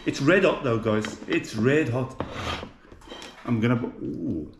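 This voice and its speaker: A man's voice: mid-range voice, expressive, slow, background noise. A man with a Birmingham accent chatting to viewers while cooking at home, joking at his own expense. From Birmingham, England. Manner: chatty, self-mocking, talks to viewers. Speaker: home cook vlogger. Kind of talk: casual cooking vlog. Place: home kitchen. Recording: echoey kitchen with faint clatter.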